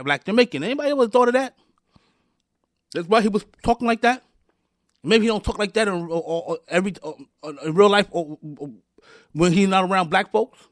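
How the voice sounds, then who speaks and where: A high-voiced man hosting a show rants angrily at his listeners, stumbling into restarts and repeating words as he addresses them directly. The recording is dry and studio quality.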